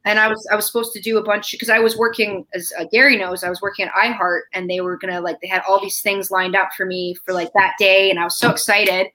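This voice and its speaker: A woman being interviewed, telling a family story in a lively, chatty way and acting out the quoted lines. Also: mid-range voice, fast talker, hardly any pauses, poor audio. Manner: animated, acts out quoted dialogue.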